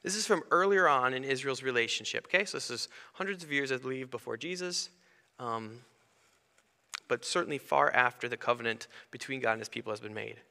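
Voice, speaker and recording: A man preaching a sermon in a conversational way, breaking into animated asides. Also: mid-range voice, a little fast, vocal fry. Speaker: pastor. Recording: long hall reverb.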